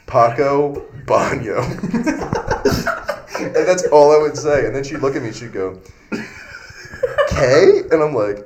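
A man's voice: mid-range voice, quick pace, few pauses, noisy background. A young man on a podcast, rambling through an anecdote and acting out what people said. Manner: rambling anecdote-teller who acts out quotes. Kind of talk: casual storytelling chat.

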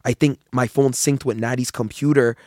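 A young man, telling a story in casual podcast chat, animated and heavy on slang and swearing. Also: mid-range voice, moderate pace, no room sound, clean studio sound. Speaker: podcast guest.

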